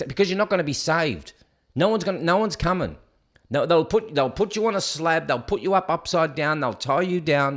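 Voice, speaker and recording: A man with an Australian accent hosting a show, ranting and commenting sarcastically on news stories he reads aloud. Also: a little high. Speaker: host.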